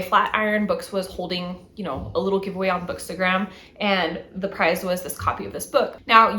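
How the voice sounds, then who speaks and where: A woman's voice: mid-range voice, a bit bright, reverberant. A woman in her thirties hosting a book haul vlog, chatting eagerly about each new book. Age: 30s. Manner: enthusiastic, talks through each book and reads back covers. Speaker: book channel host.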